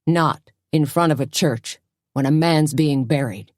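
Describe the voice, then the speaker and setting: Brief: female narrator as a gruff male sheriff, commanding and stern, low dark tone. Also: a little slow, dry recording, studio quality. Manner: stern, commanding, calm warnings. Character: gruff middle-aged male small-town sheriff.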